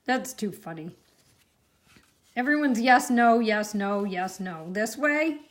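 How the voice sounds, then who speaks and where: A woman's voice: fairly high pitch, animated, slow pace. A woman hosting a live-streamed card-making class, chatty and reacting to viewer comments as she works.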